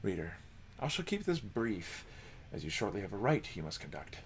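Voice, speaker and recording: A man voicing a solemn male minstrel, speaking slowly and formally with small stumbles. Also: fairly low pitch, big pitch swings, vocal fry, slight background noise. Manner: slow, formal, hesitant. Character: solemn, soft-spoken male wandering minstrel.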